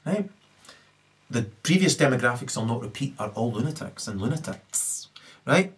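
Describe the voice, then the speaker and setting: A man's voice: medium pitch, very animated, moderate pace. A man in a rambling, ranting monologue, constantly tagging his points with questions. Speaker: commentator.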